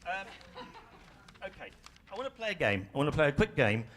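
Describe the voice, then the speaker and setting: A man's voice: a little high, sing-song, brisk, a bit bright. A man leading a live workshop for an audience in a ballroom, in a conversational way with self-deprecating humor. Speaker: workshop facilitator. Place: large ballroom stage.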